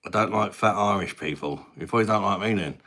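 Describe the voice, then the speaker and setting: A man in his thirties from England hosts a casual live stream from his mum's house, talking fast in a lowish voice with a sharp tone. He's chatty and matey, answering viewer comments and reading their names aloud.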